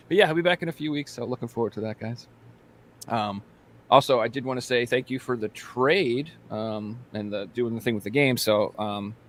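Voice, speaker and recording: A man's voice: medium pitch, fairly bright tone. A man hosting a podcast in casual chat, rambling and joking with lots of fillers and restarts. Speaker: podcast host.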